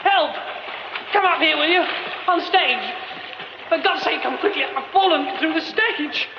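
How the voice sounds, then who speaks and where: An excitable theatre director, high lively voice, muffled hissing radio play. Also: male voice, measured pace. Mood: panicked. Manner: muttering to himself, then panicked. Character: flustered young male theatre director. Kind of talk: radio drama acting.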